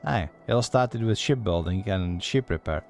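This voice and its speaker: A man's voice: fairly low pitch, lively intonation, normal speed, vocal fry, darkish tone, soft background music, voice pushed down. A man voicing a teasing female guild receptionist from a game, in a put-on Scottish accent, reading her dialogue aloud in a folksy, storytelling way. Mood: yarn-spinning.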